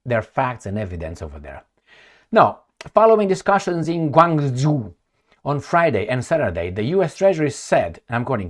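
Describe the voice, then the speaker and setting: A man's voice: medium pitch, very animated, moderate pace. A man giving casual commentary on the news, blunt, rambling and sarcastic, with some swearing.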